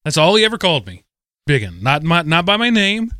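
A man's voice: high voice, animated, fast, sharp tone, smooth, no room sound, clean studio sound. A middle-aged man co-hosting a podcast, telling stories in a rambling way and often correcting himself mid-sentence. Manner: rambling, self-correcting storyteller. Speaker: podcast co-host. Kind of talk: casual chat.

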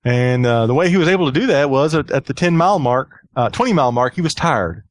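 A man's voice: mid-range voice, expressive, fast, dry recording. A chatty man hosts a podcast, talking in a loose, casual way and often circling back over his own words. His voice sits in a middle range. The sound is dry and close. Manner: chatty, repeats himself, laughs often. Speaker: podcast host.

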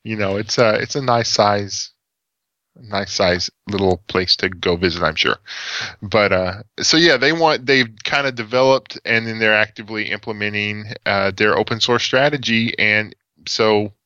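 A man's voice: fairly low pitch, moderate pace, sharp tone, no echo, dull audio. A man with an East Texas accent chatting casually about tech, rambling with lots of fillers and restarts. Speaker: podcast co-host.

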